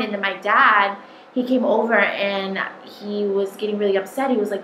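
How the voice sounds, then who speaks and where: A woman's voice: medium pitch, level tone, normal speed, sharp tone. A young woman telling a personal story in a casual, rambling way, with many "um"s and "like"s. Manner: rambling, full of "um" and "like". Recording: echoey room with light noise.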